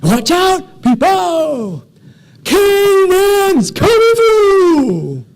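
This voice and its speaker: A man's voice: fast talker, a little hiss or hum, close to an everyday voice. Een man die speelt een luidruchtige, vriendelijke grote kerel. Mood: shouting. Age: 40s. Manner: booming shout. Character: big, loud, friendly New Orleans man.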